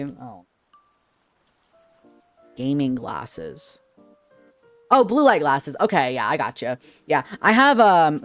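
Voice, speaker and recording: A man streaming from home on a headset mic, chatting playfully with his chat in a sassy way and sometimes screaming. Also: medium pitch. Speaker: livestreamer reading chat.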